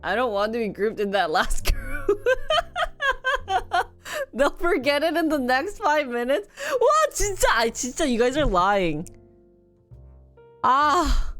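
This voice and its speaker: A woman's voice: sits high, big pitch swings, normal speed, fairly bright tone, soft background music. A young woman chatting casually on a live stream, giggly and talkative, dropping in Korean words. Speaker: livestreamer.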